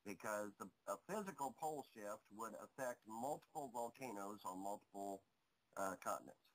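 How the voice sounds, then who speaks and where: A hoarse man on a talk show, speaking bluntly and emphatically, swearing, repeating himself and pressing his points. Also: on the low side, lively intonation, moderate pace, a bit bright, poor audio. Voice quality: coughing. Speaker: guest. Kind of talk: internet radio talk.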